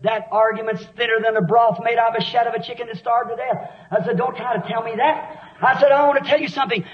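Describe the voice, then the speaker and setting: A man preaching a sermon with fervent intensity, often shouting and then dropping low for dramatic effect. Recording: dull lo-fi old sermon recording.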